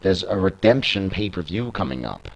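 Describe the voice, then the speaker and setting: An indignant male wrestler complains about his missing match, read out by a British man with a low voice. He sounds aggrieved and pushy. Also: sing-song, normal speed, creaky, exaggerated voice, low-quality recording. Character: angry male wrestler in a tag team.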